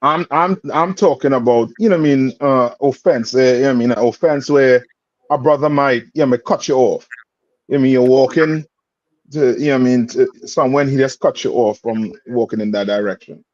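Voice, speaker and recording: A man's voice: medium pitch, a little fast, darkish tone, no echo. Guy leading a bible class, keeps checking you understand, muffled lo-fi, dry. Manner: plain street-talk phrasing. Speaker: class teacher. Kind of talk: scripture class teaching. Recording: dull lo-fi sound.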